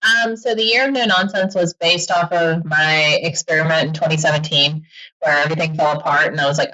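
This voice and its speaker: Animated woman on a lo-fi line. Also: sits low. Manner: animated, laughs often, quick quoted asides. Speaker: podcast guest and author. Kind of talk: casual interview chat.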